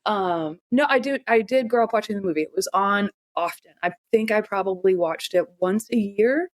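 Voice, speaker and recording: A woman's voice: medium pitch, normal speed, no room sound. A woman from the Southern United States chatting on a film podcast in a dry, easygoing, playful way. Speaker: podcast guest co-host. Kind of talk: casual film podcast chat.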